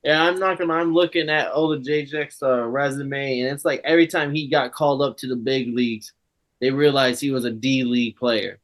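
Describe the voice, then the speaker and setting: A man's voice: medium pitch, steady tone, brisk, a bit bright. A man co-hosting a casual fight podcast, laughing often while he goes through fighters' records. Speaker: podcast co-host. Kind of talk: casual chat.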